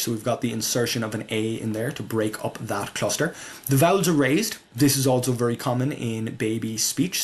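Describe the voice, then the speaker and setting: A man presenting his constructed language in a relaxed voice-over, thinking aloud as he goes. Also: medium pitch. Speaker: conlang presenter. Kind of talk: casual explanatory voice-over.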